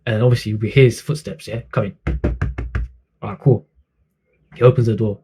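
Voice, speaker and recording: A man's voice: fairly low pitch, steady tone, moderate pace, dark tone, slight background noise. A man, telling a story in a chatty, casual way, full of slang and fillers. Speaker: vlogger.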